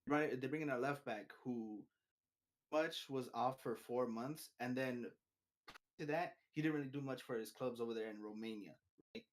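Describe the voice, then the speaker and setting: A man's voice: mid-range voice, normal speed. A man co-hosting a casual sports talk show, making his case hesitantly and checking in with tag questions. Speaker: podcast co-host.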